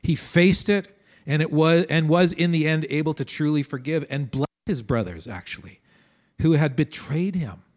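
A man with a slightly high voice preaching a sermon in a loose, chatty way. He bursts into loud, high acted-out quotes, then drops back to easy talk. The sound is muffled and lo-fi. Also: normal speed. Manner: conversational preaching, acting out quotes with big swings in pitch and loudness. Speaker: pastor.

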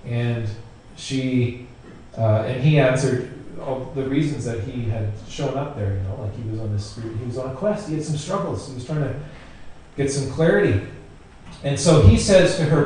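This pastor's voice is mid-range and a little mellow, moving at a moderate pace as he preaches conversationally and repeats phrases for emphasis. A distant mic captures him in a very echoey room, with faint noise underneath.

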